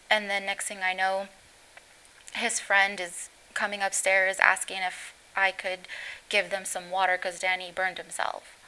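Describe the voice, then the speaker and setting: A middle-aged woman telling an interviewer about the day her son was hurt. Her bright voice stays on an even, flat pitch, and her sentences halt and break off as she tries to hold herself together. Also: smooth, poor audio. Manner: halting, voice breaking as she recounts. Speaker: guest, mother of injured teen. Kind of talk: emotional recounting in interview.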